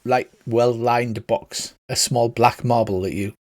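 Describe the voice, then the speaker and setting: A man narrating a tabletop game as game master, relaxed and teasing. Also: medium pitch, a little slow.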